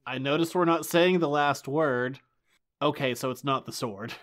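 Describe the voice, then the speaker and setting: A man in his late twenties speaks in a mid-range voice at a moderate pace while co-hosting a comics podcast. He chats casually, joking animatedly and often breaking into laughter.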